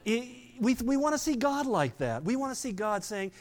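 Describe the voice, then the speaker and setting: Older man preaching, drops soft for emphasis. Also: very animated. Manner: conversational preaching, drops low and quiet for emphasis, quick playful asides. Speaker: pastor. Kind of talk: sermon.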